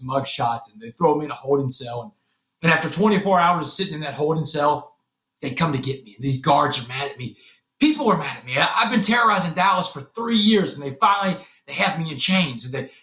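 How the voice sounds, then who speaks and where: A man's voice: on the high side, sharp tone. A man from Texas, a podcast guest telling his personal story dramatically and acting out the voices of others. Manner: dramatic, acts out quoted voices. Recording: roomy echo with faint music behind.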